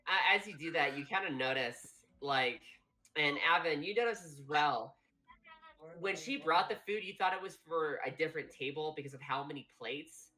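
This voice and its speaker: Low, bright-voiced woman game master. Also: moderate pace. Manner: loose and rambling, many fillers. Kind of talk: narrating a tabletop game.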